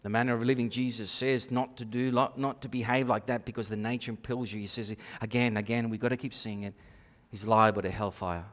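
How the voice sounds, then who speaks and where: Animated male preacher in a reverberant church. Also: medium pitch, brisk, hardly any pauses. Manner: animated preaching with sudden loud and quiet swings. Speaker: pastor. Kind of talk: sermon. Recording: long reverb of a church hall.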